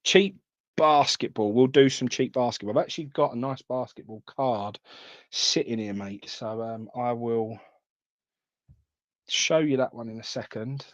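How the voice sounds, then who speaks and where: A man's voice: mid-range voice, unhurried, dry recording. A man hosting a live trading card stream, chatting casually and calling viewers mate.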